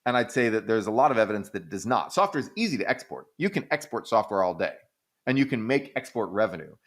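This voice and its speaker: A man's voice: fairly low pitch, fast talker. Man explaining economics with many restarts. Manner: thinks aloud with many restarts and fillers; animated, breaks into silly quoted voices. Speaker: economics podcast host. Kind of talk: casual explanatory chat.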